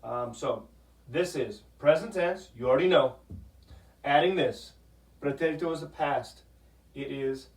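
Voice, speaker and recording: A man teaching a Spanish grammar lesson, patient, repeating "okay?" often and sounding out words slowly. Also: mid-range voice, a little mellow. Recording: echoey room, voice from a distance.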